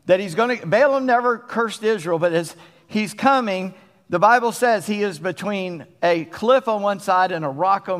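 A male pastor with a Southern accent delivers a sermon in a folksy, talk-it-through manner. His voice sits a little high for a man. The recording carries the long echo of a church sanctuary. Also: a bit bright. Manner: folksy, conversational preaching. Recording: long reverb of a church hall.

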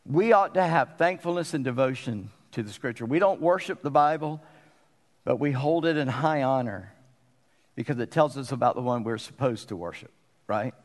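A man preaching a sermon as pastor, folksy and conversational, with emphatic pauses. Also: medium pitch, big-room sound.

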